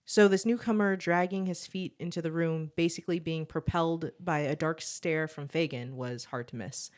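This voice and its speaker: A woman with a low, grounded voice reads her own short fiction aloud at an even storytelling pace. As a podcast co-host, she then slips into easy, laughing chat with her partner. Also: moderate pace. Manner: steady storytelling read, laughs often in chat.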